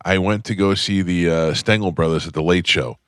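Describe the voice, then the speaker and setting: A man's voice: deep voice, fairly quick, no echo, studio quality. A man hosting a radio talk show, telling a long story in casual chat and acting out the quoted voices of others.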